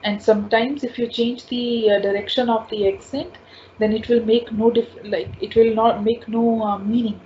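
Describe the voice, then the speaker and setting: Speaking at a normal speed with fairly even intonation, a woman with a slightly high voice teaches French. She patiently repeats every word and sound several times in this slow spoken lesson, heard through dull lo-fi audio with faint ambient noise.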